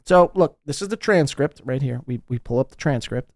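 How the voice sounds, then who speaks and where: Crude, mocking podcast host ranting. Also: male voice, medium pitch, expressive, a little fast, no echo. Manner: crude, sarcastic, mocking, swings between loud outbursts and muttering. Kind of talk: ranting live podcast commentary.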